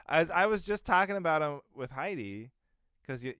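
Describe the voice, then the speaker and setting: A man's voice: a little high, expressive, fairly quick, pushed and bright, clear, resonant tone, dry recording, studio quality. A man co-hosting a podcast in casual, rambling chat, full of fillers and asides. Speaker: podcast co-host.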